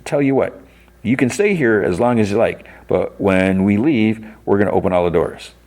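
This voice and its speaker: A man voicing a calm, falsely friendly middle-aged male overseer in a mild, soothing voice. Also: on the low side, normal speed, pitched above the performer's own voice, close to an everyday voice. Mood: placating.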